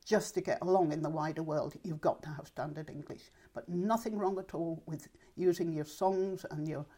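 A woman's voice: deep voice, normal speed, mellow, husky. An older woman being interviewed, reminiscing in a chatty, thoughtful way and speaking her mind. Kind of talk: reminiscing oral-history interview.

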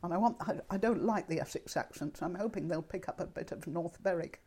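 Chatty older woman, husky lowish voice. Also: fairly quick, warm tone. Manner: chatty storyteller, laughs often. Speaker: interviewee. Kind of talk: casual conversation. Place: home in Perthshire countryside.

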